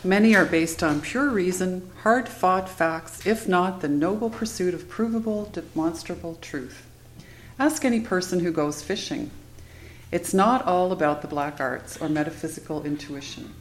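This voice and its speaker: Low-voiced woman, dry narration. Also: normal speed, low-quality recording. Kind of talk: scripted narration.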